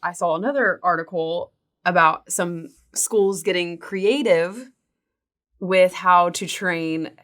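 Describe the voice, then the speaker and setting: A woman's voice: fairly low pitch, takes it slowly, a bit bright. A woman co-hosting a casual podcast discussion, reading quotes from articles aloud in a chatty way. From Texas. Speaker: podcast co-host.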